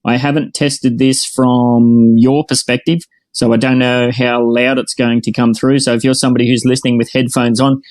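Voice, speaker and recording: Australian man, host, casual voice chat, laid-back, chatty, medium pitch, dry close sound. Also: level tone, normal speed, hardly any pauses, a little mellow, no room sound. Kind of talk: casual online voice-chat show.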